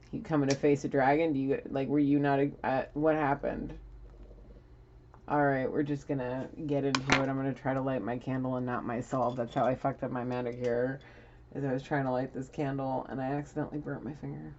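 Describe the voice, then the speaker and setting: A woman's voice: a bass voice, level tone, brisk, a little mellow, muffled recording, a little hiss or hum. A woman giving a casual spiritual card reading at home, rambling and laughing often as she talks to her viewers. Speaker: tarot reader. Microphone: camera.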